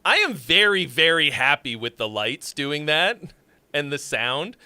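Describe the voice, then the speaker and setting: A man hosting a casual livestream, rambling and joking as he reviews songs, now and then shouting a greeting. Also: fairly high pitch, big pitch swings, measured pace, clean tone, no room sound. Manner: rambling, jokey, with sudden loud shouts.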